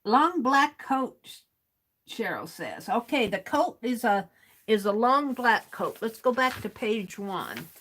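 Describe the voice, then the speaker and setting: Slow, chuckling woman livestream host. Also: medium pitch, very animated, fairly bright tone, husky, low-quality recording. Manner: chuckles often, thinks aloud, restarts sentences. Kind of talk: casual livestream chat, reading viewer comments aloud.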